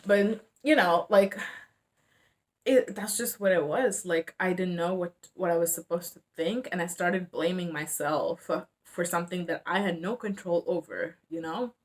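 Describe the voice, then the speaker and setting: A young adult woman with a lowish, unhurried voice talks to the camera about hard personal topics as a mental health vlogger. She is earnest and hesitant in this casual, emotional talk, with many fillers and restarts.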